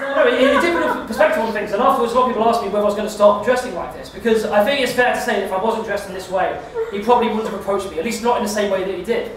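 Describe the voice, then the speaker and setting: A young-sounding man with a high voice races through a rambling stand-up story, tripping over his own words as he goes. He is miked from a distance in a very echoey club. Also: racing, few pauses, over a noisy crowd. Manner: rambling deadpan storytelling with stammered restarts. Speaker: stand-up comedian. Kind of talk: stand-up set. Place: comedy club stage.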